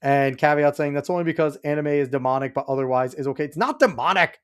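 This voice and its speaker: A man's voice: fairly high pitch, fast talker, clean tone. Exasperated man rambling on a livestream. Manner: rambling, exasperated, talks back at chat and the clip. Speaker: podcast host reacting to a clip. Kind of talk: casual livestream reaction commentary.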